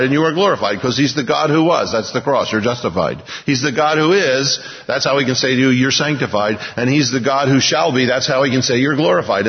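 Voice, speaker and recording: A man preaching a sermon, reading scripture slowly and building to emphatic bursts. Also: mid-range voice, slightly rough. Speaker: pastor. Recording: dull, lo-fi with long hall reverb.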